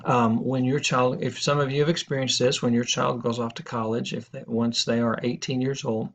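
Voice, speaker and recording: Gravelly middle-aged man, rambling lecture. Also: mid-range voice, little pitch movement, normal speed, a bit bright. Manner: rambling, anecdotal, self-correcting. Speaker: instructor. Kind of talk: casual lecture video. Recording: dull lo-fi audio.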